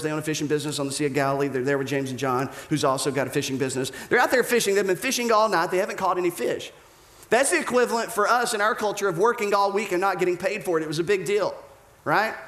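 A man delivers a sermon as pastor, his voice sitting a touch high for a man. He tells the story in a lively, casual way and slips into quick voices for the people in it. The sound carries a roomy echo around him. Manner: animated storytelling, acting out voices of the characters. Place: church auditorium. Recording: echoey room.

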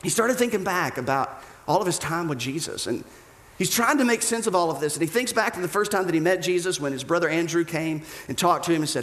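A man delivers a sermon as pastor, his voice sitting a touch high for a man. He tells the story in a lively, casual way and slips into quick voices for the people in it. The sound carries a roomy echo around him. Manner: animated storytelling, acting out voices of the characters. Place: church auditorium. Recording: echoey room.

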